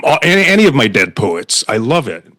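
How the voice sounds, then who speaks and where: Animated male host, very dry sound. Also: mid-range voice, brisk, dry recording. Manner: reflective, laughs often. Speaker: podcast host. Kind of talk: conversational interview.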